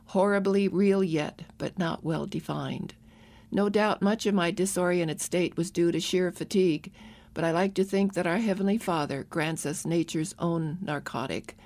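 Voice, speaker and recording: Audiobook narrator: a woman with a lowish voice, measured and earnest. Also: a little mellow.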